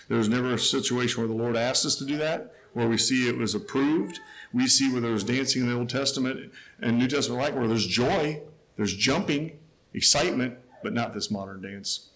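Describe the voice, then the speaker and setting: A man's voice: slight background noise, poor audio. Emphatic man preaching a sermon. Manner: emphatic, rising to a near shout then dropping low.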